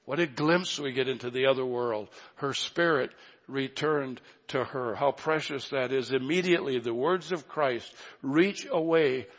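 A man preaching a sermon, earnest and emphatic, slowing to draw out key phrases. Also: medium pitch, long reverb tail, dull audio. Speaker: pastor.

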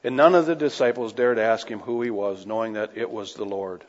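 A man's voice: lowish voice, brisk. A man preaching a sermon with passion, pressing his listeners with rhetorical questions. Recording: echoey hall, dull lo-fi sound.

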